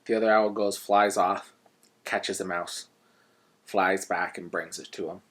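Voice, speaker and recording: Man, book reviewer, casual retelling, conversational, low voice, breathy. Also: unhurried. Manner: conversational, animated retelling, with restarts.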